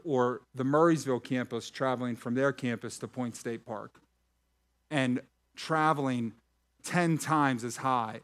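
A male pastor preaches to his congregation, his voice sitting at an ordinary middle pitch. He reads scripture passages aloud and breaks off to tease people in the room. His delivery is lively and conversational. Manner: animated preaching with jokes to the congregation. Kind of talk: sermon. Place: church hall with a live congregation.

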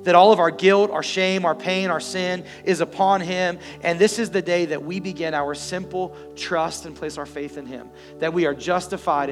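A male pastor preaching a sermon, animated and joking with the congregation. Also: a little high, moderate pace, hardly any pauses, over music.

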